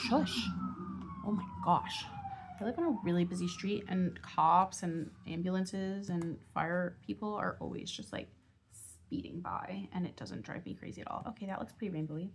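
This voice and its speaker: A woman's voice: mid-range voice, vocal fry, slight background noise. A woman vlogging at home about her budgeting game, chatting casually and giggling while she colors, often dropping into a half-whisper. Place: home on a busy street.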